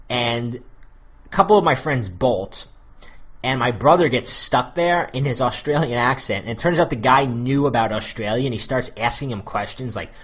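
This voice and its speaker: A man's voice: medium pitch, fairly bright tone, slightly rough. An American man coaching on dating in a loose, chatty monologue full of fillers. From United States. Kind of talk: casual spoken advice monologue.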